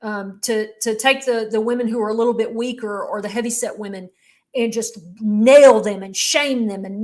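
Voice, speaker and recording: A woman's voice: a little high, darkish tone. A middle-aged woman, telling her own story as an interview guest in a candid, emotional way. She halts often and restarts her sentences.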